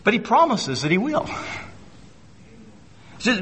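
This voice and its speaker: A man's voice: high voice, sing-song, a little slow, long pauses, a bit bright, husky, big-room sound. A man preaching a sermon in an emphatic style, repeating phrases and acting out the voices he quotes. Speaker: pastor.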